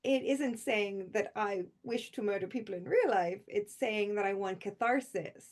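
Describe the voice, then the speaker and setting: A woman's voice: medium pitch, lively intonation, moderate pace, darkish tone. A woman author chatting informally before a reading at a convention, rambling and laughing often between thoughts. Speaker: author speaking at a convention livestream.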